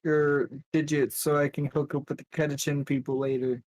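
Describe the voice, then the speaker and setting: A man's voice: on the high side, level tone, normal speed, a little mellow, no echo. A man playing a tabletop game, easygoing and friendly as he talks in character. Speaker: player. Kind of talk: casual tabletop play in character.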